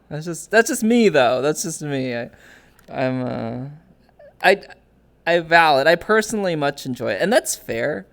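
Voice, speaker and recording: Young female streamer host, low and animated, loose rambling chat. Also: measured pace. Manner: rambling, frequent restarts, reads chat aloud. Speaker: streamer hosting an interview. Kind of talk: casual chat.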